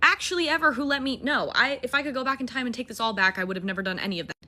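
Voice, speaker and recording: A young adult woman telling a casual, animated and profane personal story, mocking herself as she goes. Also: a little high, racing. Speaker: storytime TikToker.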